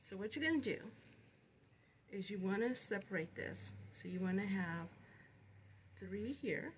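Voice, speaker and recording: A woman's voice: mid-range voice, expressive, unhurried, slight background noise, low-quality recording. A woman teaching how to make tassels, talking through each step of a hands-on demonstration. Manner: step-by-step, repeats "you're gonna". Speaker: knitting instructor.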